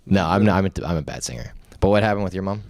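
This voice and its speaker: A man's voice: sits low, lively intonation, very fast, creaky, a little mellow, no room sound. A man co-hosting a podcast in casual chat, teasing his friend and laughing often. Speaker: podcast co-host.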